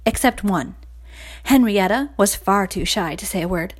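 A woman narrating a children's storybook aloud with expressive, lively storytelling. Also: mid-range voice, moderate pace, breathy edge, low-quality recording.

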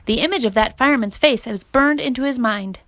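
A woman reading a children's story aloud as narrator, in a steady, clear manner. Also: on the high side, fairly quick, no room sound.

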